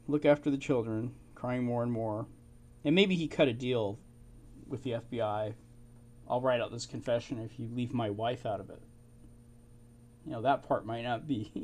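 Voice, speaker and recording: A man's voice: mid-range voice, a little mellow. Man musing over old documents. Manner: musing, halting, with fillers and short laughs. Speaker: amateur history researcher. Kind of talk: casual commentary reading documents.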